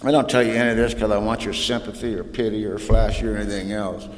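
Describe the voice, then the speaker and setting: Low-voiced man telling his recovery story. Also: level tone, fast. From California. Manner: folksy storytelling, says "man" and "you know". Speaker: AA speaker. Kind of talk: personal recovery talk. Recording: echoey hall, faint room noise.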